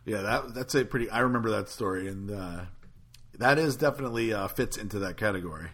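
A man's voice: fairly low pitch, quick pace. A man hosting a casual chat, asking musing follow-up questions. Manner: relaxed, asks musing questions.

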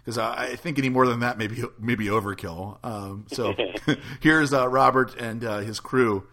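A man hosts a podcast in a loose, casual chat. His voice has a bright, forward edge and a middle pitch. He swears freely as he talks. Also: moderate pace. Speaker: podcast host.

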